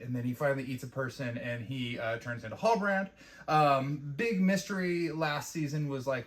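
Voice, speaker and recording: A man casually reviewing a fantasy TV episode, rambling and profane, with lots of fillers. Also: mid-range voice. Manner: rambling and profane, with mocking quoted impressions.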